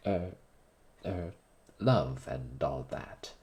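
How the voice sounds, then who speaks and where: A man reading aloud and voicing a flustered young gentleman who stammers and defends himself. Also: extremely low pitch, very slow, heavily acted.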